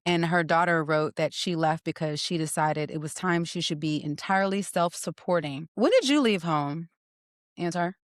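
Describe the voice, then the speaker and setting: A woman hosting a podcast, telling a story in a playful, teasing, animated way. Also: low voice, no echo, studio quality. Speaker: podcast host. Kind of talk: casual conversational storytelling.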